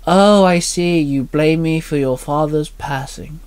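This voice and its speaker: A man voicing an old, hunched male wizard who speaks in a solemn, measured way. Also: a little high, a little mellow, clean tone, close to an everyday voice.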